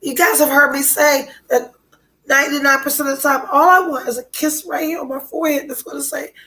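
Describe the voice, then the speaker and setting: A woman's voice: high-pitched, fairly even intonation, fairly quick, sharp tone, low-quality recording. A woman hosting a podcast, talking candidly and bluntly with frequent swearing, her nose stuffed up from a cold. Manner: blunt, profane, emotionally open. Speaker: podcast host.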